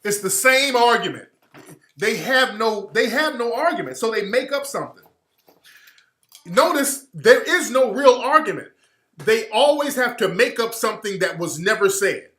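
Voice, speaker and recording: Deliver this as a man on a livestream, speaking high, bright and forceful, firing off rhetorical questions with blunt profanity. The voice sits in a roomy space with a clear echo. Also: animated, moderate pace. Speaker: livestream host. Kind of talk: livestream monologue.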